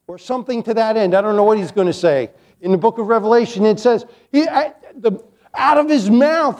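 A man's voice: very high-pitched, expressive, brisk, darkish tone. A male pastor preaching a sermon, emphatic, repeating key lines and dropping playful asides to the congregation.

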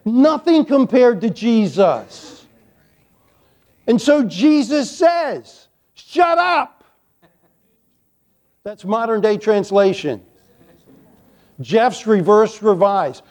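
High-voiced emphatic male preacher. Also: animated, slow pace, long pauses, a little mellow. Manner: emphatic preaching with repeated lines and playful asides. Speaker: pastor. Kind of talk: sermon.

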